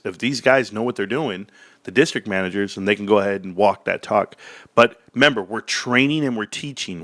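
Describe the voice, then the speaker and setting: A man hosting casual commentary, talking energetically and acting out sales pitches in quoted voices. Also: fairly bright tone, no echo. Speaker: stock commentary host.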